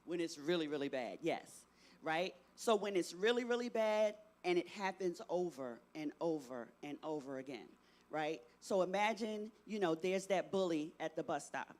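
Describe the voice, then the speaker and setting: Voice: mid-range voice, animated, moderate pace. A middle-aged presenter giving an interactive talk to teenagers, often asking the audience questions and tagging sentences with "right?". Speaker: youth workshop presenter.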